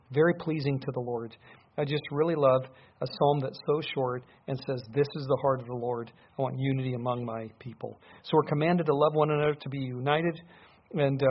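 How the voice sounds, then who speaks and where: A man's voice: medium pitch, slightly rough. A man preaching a sermon, speaking earnestly and building up to emphatic peaks as he drives home his points. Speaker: pastor. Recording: dull lo-fi sound.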